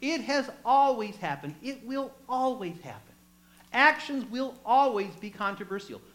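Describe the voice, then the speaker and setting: Animated preacher telling a story. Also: medium pitch, unhurried, rough recording. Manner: animated storytelling, chatty asides to the congregation; acts out quoted voices. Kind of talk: sermon.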